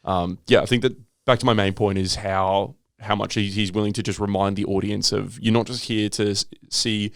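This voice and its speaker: A man's voice: lowish voice, steady tone, normal speed, gravelly, few pauses, no room sound, clean studio sound. A man chatting and joking casually as a podcast co-host. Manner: chatty, mock-voicing, joking. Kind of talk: casual chat.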